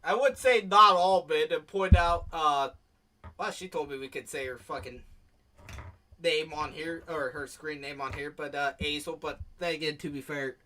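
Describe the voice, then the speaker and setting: A man's voice: a little high, moderate pace, sharp tone, a little hiss or hum. A man co-hosting a casual podcast, swearing freely, laughing often and reading posts aloud. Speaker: podcast co-host. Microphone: home microphone, streamed show.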